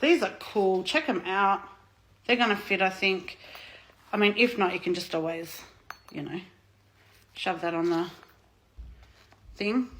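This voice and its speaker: A woman in her thirties from Australia, casually unboxing on her vlog, excitable and gushing, swearing freely. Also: medium pitch, a little slow, long pauses, a little hiss or hum. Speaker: vlogger.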